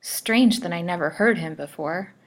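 A woman's voice: on the low side, moderate pace, lightly acted. A woman voicing a frightened young girl held captive, timid at first but dauntless. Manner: frightened, pleading.

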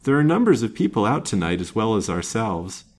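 A man voicing an earnest young gentleman of an old romance, raising his voice above his own to sound eager and anxious. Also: fairly low pitch, sing-song, brisk.

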